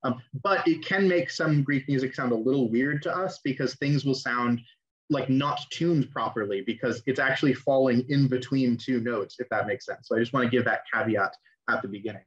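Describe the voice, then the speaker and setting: A young man gives a relaxed online lecture over a video call. His voice sits at an ordinary pitch, and the audio sounds dull and a bit lo-fi. He explains things conversationally and often stops to restart a phrase. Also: moderate pace. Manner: casual, explanatory, with fillers and restarts. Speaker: teacher.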